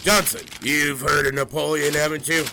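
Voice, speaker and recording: A man playing a cheerful, vain newspaper boss who talks in a brisk, boastful way. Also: on the high side, flat delivery, noisy background, close to an everyday voice. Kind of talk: audio drama acting.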